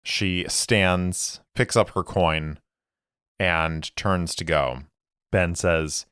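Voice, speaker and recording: Slow, low-voiced game narrator man. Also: smooth, dry recording, clean studio sound. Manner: calm, deliberate storytelling. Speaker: game master and solo player. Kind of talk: narrating a solo tabletop game.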